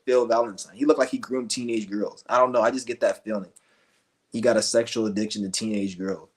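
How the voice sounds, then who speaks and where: A man's voice: medium pitch, steady tone, a little fast. A male streamer ranting with scorn, rambling and cursing as he goes. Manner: profane, scornful, rambling rants. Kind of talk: ranting commentary.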